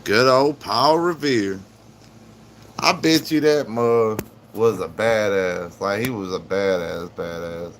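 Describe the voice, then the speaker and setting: A man's voice: on the low side, slow, a little hiss or hum. A man chatting casually and jokingly on a live stream, rambling and swearing freely.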